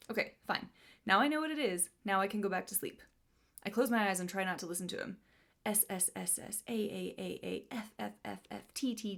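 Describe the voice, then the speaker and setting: A woman reviewing books casually, reading passages aloud with amusement and laughing at the funny parts. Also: mid-range voice. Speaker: book vlogger.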